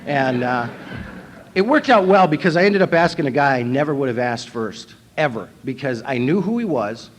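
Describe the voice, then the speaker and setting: A man's voice: medium pitch, animated, normal speed. A man from North Dakota telling his recovery story at a convention, wry and self-mocking, acting out his own past thoughts. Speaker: recovery meeting speaker. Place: convention hall.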